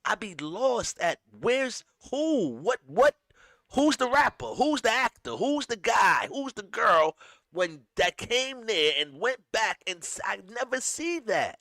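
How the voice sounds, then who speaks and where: Man, casual commentary host, emphatic, lively swooping pitch, dry close sound. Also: takes it slowly, dry recording. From upstate New York. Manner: animated, emphatic, many restarts.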